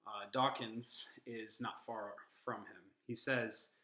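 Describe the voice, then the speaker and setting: A man's voice: lowish voice, steady tone, slow, pushed and bright, reverberant, rough recording. A man teaching an informal lesson on worldviews, earnest and stressing the quotes he reads aloud. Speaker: Christian apologetics teacher.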